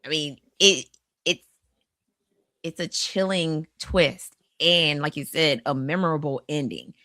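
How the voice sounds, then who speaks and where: A woman with a slightly low voice talks through horror films on a podcast. She is animated, restarts her sentences often and acts out the lines she quotes. The sound is dry and close to the mic. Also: takes it slowly, dry recording. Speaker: podcast co-host. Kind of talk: casual horror film discussion.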